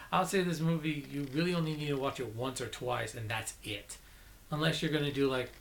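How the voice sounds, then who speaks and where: A man's voice: mid-range voice, fairly bright tone, slight background noise. Chatty man reviewing movies casually. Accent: non-native English, own accent. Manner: chatty, self-correcting, enthusiastic.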